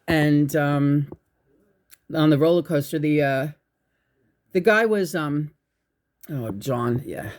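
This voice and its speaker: A woman hosting her own channel, telling a spiritual story in a rambling, halting way, restarting her sentences and swearing. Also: sits low, darkish tone. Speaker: channel host. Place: indoors at home.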